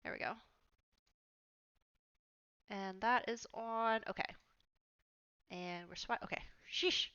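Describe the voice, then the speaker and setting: Bright-voiced chatty woman streamer. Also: medium pitch, steady tone, takes it slowly, long pauses, clear, resonant tone, muffled recording. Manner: chatty, laughs often, talks to her cat. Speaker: game streamer. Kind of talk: casual chat while playing a game. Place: home.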